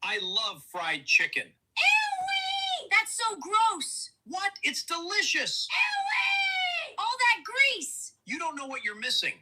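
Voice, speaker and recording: A voice from a played video, doing squeaky cartoon pets bickering over fried chicken. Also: female voice, wildly swooping pitch, slow pace, pushed and bright, heavily acted.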